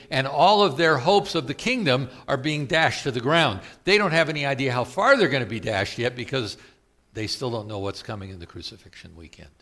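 This is a male preacher with a Southern US accent and a bright, forceful voice. He walks through scripture in a conversational sermon, paraphrasing the verses in everyday words and putting questions to his listeners. His pitch sits in a middle range for a man.

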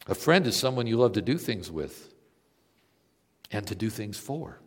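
A male preacher delivering a sermon, telling stories and moving between emphatic peaks and quiet, low passages. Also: sing-song, moderate pace, slightly rough, in a large hall.

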